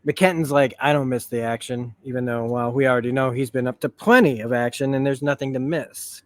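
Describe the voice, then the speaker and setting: A man reviewing a TV episode in a rambling, excitable way, retelling scenes as he goes. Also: mid-range voice, brisk, no echo. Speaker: show reviewer. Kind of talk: stream-of-consciousness review.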